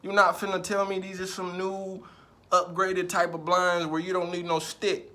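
A young man from Iowa talks on a casual vlog, his voice a little higher than most men's. He walks through a small apartment and gets worked up into loud, profane, laughing rants. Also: moderate pace. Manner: animated, swearing, laughing rants. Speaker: vlogger.

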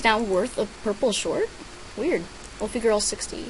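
A woman's voice: fairly high pitch, animated, measured pace, slight background noise, rough recording. A teenage girl chatting casually as she records her gameplay, reading out other players' names and messages and squealing over gifts. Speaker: gaming vlogger.

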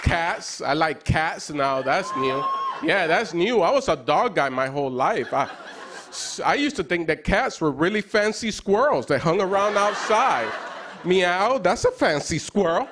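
Wry high-voiced comedian over a laughing crowd. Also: male voice, a little slow. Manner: self-deprecating, wry, builds to excited yelling. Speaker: stand-up comedian. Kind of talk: stand-up set on late-night TV. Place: TV studio stage before a live audience. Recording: broadcast studio with loud crowd noise. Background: audience laughter and applause.

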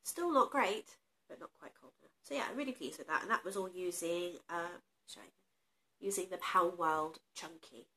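Woman, nasal and stuffy with a cold, bright voice, chatty, rambling, self-deprecating. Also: lowish voice, normal speed. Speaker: crochet vlogger. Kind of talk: casual show-and-tell chat.

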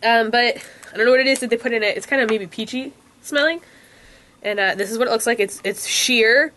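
A woman's voice: on the high side, fast, pushed and bright, slight background noise. A young woman with a stuffed-up nose, reviewing lipsticks in a chatty, rambling way with many ums and likes. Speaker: beauty vlogger. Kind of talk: casual product review. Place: room with a window.

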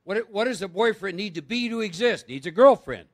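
A man's voice: sits high, expressive, fairly quick. A man speaking at a live recovery workshop, chatty and quizzing his audience with rhetorical questions.

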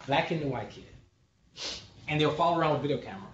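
Animated man lecturing in an echoey room. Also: mid-range voice, rapid-fire, pauses often, a little hiss or hum. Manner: joking, animated, often checks in with the audience. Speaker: sociologist giving a presentation. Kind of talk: conversational lecture to a committee. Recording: echoey room, distant and dull.

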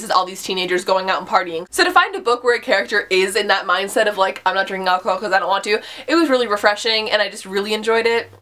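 A woman's voice: medium pitch, a bit bright. A young woman chatting casually to camera about a book she loved, gushing and full of "like" and "literally". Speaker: book vlogger.

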